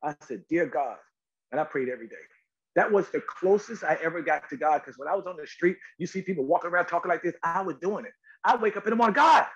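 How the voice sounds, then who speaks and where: Fast and high-voiced, a middle-aged actor from North Carolina, USA, tells animated stories as an interview guest. He repeats words and acts out quotes, though the audio is dull.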